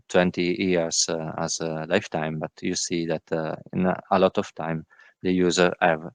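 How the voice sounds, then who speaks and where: Halting, low-voiced man presenting slides. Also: clean tone, no room sound. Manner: halting, many filler sounds. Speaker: workshop presenter. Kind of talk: technical presentation. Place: virtual workshop call.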